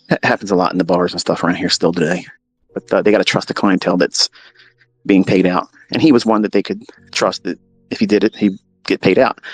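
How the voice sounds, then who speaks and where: A man telling a story in a profane, animated, mocking way, as a trading mentor talking to his audience. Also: lowish voice, no echo. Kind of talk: casual storytelling monologue.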